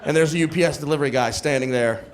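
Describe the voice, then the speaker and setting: A young man telling a stand-up comedy story, animated and acting out characters with shouted outbursts, recorded live with a laughing audience. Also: a little high, rapid-fire. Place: comedy club stage. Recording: live club with crowd laughter.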